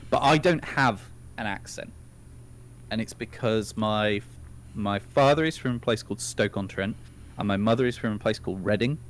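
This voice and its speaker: A man's voice: on the low side, moderate pace. A man from northern England with a standard southern English accent, chatting casually as a podcast co-host and laughing often. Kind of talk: casual chat.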